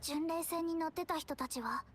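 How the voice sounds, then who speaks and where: A woman's voice: very high-pitched, fast. A woman voicing a caring young heroine in a game's Japanese dub. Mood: earnest. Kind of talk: Japanese game voice acting. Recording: game audio under faint noise.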